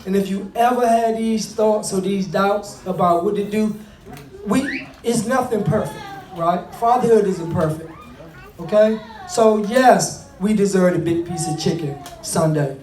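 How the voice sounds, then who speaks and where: A man's voice: high-pitched, unhurried, a little mellow, recorded from a distance, slight background noise. Middle-aged man, earnest and conversational, speaking to an audience on fatherhood; echoey room, sitting back from the mic. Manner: earnest, conversational, repeats and restarts. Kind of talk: motivational talk to an audience.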